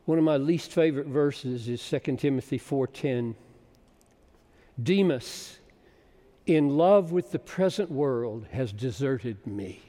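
A man in his seventies preaching a sermon with passion, building to loud, emphatic peaks. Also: mid-range voice, lively intonation, takes it slowly. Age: 70s. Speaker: pastor. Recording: long hall reverb.

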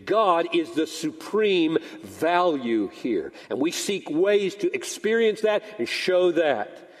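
A man's voice: a little high, very animated, takes it slowly, in a large hall. An older man preaching a sermon as pastor, telling a story animatedly and acting out both sides of the dialogue. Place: church sanctuary.

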